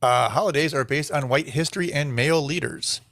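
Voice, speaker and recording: A man's voice: on the high side, brisk, fairly bright tone, dry recording, studio quality. Sarcastic man reading and reacting. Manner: sarcastic, incredulous asides between read-out quotes. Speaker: show host. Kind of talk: commentary vlog, reading aloud and reacting.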